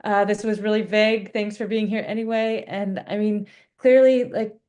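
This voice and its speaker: A woman's voice: medium pitch, steady tone, moderate pace, a little mellow. A woman speaking up in an online town hall over a video call, earnest and effusive, with many fillers. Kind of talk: casual live video-call talk.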